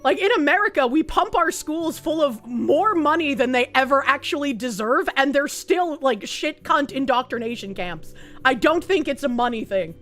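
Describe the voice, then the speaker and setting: A woman's voice: high-pitched, animated, moderate pace, a bit bright, soft background music. A woman from New England chatting casually on a live stream, reading chat messages aloud. She is brash and profane and laughs often.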